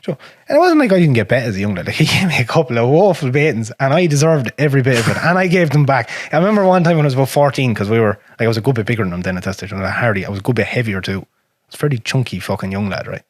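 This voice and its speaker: An Irish man hosting a podcast, talking frankly and with plenty of swearing, his voice sinking low and quiet on hard memories. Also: sing-song, rapid-fire, dry recording, clean studio sound. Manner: frank and profane, drops to a near whisper on painful memories. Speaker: podcast host. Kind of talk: casual conversation.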